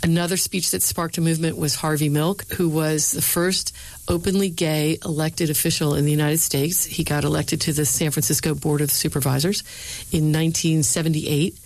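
A middle-aged woman, a speechwriter and lecturer, answering interview questions with lively storytelling and quoting others in changed voices. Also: deep voice, normal speed, poor audio. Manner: animated storyteller, voices quoted people.

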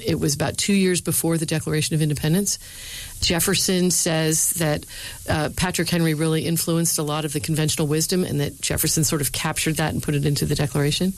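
A middle-aged woman, a speechwriter and lecturer, answering interview questions with lively storytelling and quoting others in changed voices. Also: low voice, dry recording, low-quality recording. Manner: animated storyteller, voices quoted people.

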